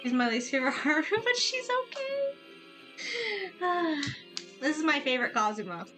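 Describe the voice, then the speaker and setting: A woman's voice: high-pitched, very animated, normal speed. Chatty woman streamer reacting to a game. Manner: chatty, laughs and swears at the game. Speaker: gaming streamer. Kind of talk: casual let's-play commentary. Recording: game music behind.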